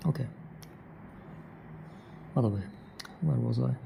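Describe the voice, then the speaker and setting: A man's voice: mid-range voice, slow, vocal fry, background noise. A man rambling in a solo vlog monologue, asking himself questions and correcting his own word choices. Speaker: vlogger.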